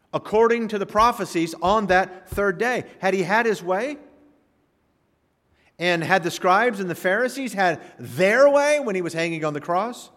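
Man preaching in a church sanctuary, slightly high voice, long hall reverb, emphatic rises and quiet drops. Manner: preaching with rising emphasis and dramatic pauses. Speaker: pastor. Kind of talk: sermon.

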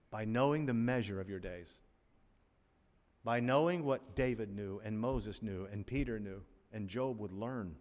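A man, an older pastor, preaching a sermon, animated, swinging between loud emphasis and quiet asides. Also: lowish voice. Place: church sanctuary. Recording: long reverb of a large hall.

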